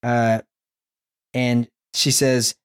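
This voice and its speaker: A young man telling a personal faith story in casual chat, animated and rambling with many restarts. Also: mid-range voice, very slow, clear, resonant tone.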